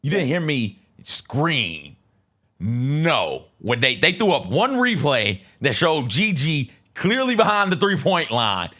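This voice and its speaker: A man co-hosting a sports talk show, telling stories in an animated, exasperated way. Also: fairly high pitch, measured pace, hardly any pauses.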